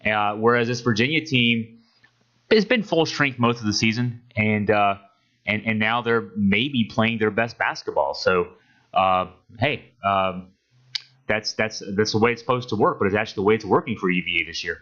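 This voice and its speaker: Bright-voiced man hosting a sports podcast. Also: on the low side, moderate pace. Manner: rambling, many restarts and fillers. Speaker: podcast host. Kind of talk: casual sports podcast chat. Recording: dull lo-fi audio.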